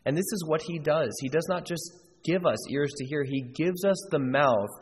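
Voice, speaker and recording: A man's voice: fairly high pitch, moderate pace, long reverb tail, slight background noise, poor audio. A man preaching a sermon as a pastor, earnest and emphatic, repeating key phrases for weight. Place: church sanctuary.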